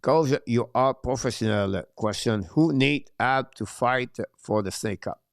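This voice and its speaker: Reading out questions from viewers during a live hockey watch-along, a French-accented man, French by birth, answers haltingly with plenty of filler sounds. His medium-pitched voice is clear and resonant. There's no room sound, and the quality is studio-grade.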